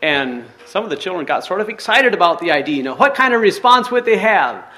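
A man's voice: sits high, sing-song, fairly quick, pushed and bright. A man reading a story aloud and then reflecting on it in an earnest way, with some hesitant restarts. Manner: earnest, with hesitant restarts in his own talk. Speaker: speaker.

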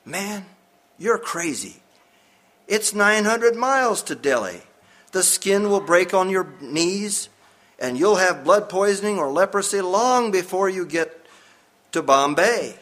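A man's voice: sits high, animated, slow, fairly bright tone, full character voice. A man voicing an earnest missionary who urges his old friend with an urgent, pleading voice.

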